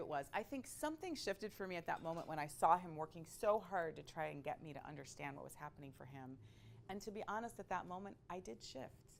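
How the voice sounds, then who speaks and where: A woman telling a personal story in a conversational, expressive way, with frequent asides to her listeners. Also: mid-range voice, a little hiss or hum. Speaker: speaker sharing a personal story.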